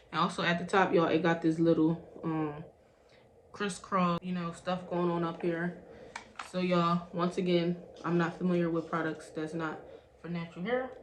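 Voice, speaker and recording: In a casual unboxing review, this young beauty vlogger talks slowly and chattily in a lowish voice, repeatedly calling her viewers "y'all." Her echoey room carries a faint hiss in the background.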